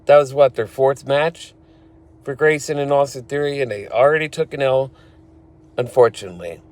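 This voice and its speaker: A man's voice: mid-range voice, fairly even intonation, normal speed, darkish tone. A man recapping a wrestling show in casual, blunt, opinionated talk, now and then swearing. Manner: blunt and opinionated, swears, laughs at his own retellings.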